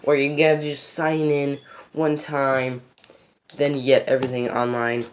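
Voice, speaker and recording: Unhurried, rambling game vlogger; excitable, loses the thread, restarts, mid-pitched voice. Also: a little hiss or hum. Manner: rambling and excitable, repeats "freaking epic". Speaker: gaming video host. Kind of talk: casual game recommendations.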